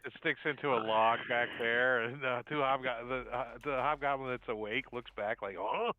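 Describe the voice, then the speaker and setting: A man narrating and running a tabletop game as dungeon master, animated and quick with asides. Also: medium pitch, phone-quality sound.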